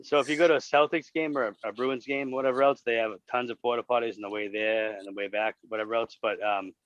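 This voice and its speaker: A man in a casual podcast chat, telling crude stories with constant swearing and animated retelling. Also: medium pitch, fast, no echo. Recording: dull dry lo-fi sound.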